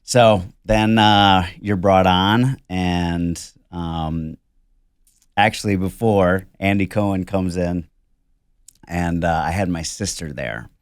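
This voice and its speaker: A man with a very deep voice tells a story in casual podcast chat, slipping into higher voices for the people he quotes. The sound is dry and close to the mic. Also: slow, smooth, no room sound. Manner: storytelling, mimics others with a raised pitch. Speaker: podcast co-host.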